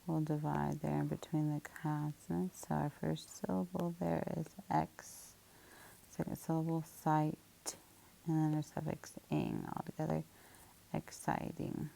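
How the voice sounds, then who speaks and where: A woman's voice: low-pitched, flat delivery, unhurried, creaky, warm tone, a little hiss or hum, low-quality recording. A woman teaching a spelling lesson, walking through words patiently and methodically, step by step.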